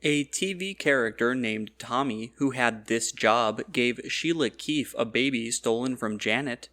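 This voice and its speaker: A man reading out scripted quiz questions in an even, formal, measured way. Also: mid-range voice.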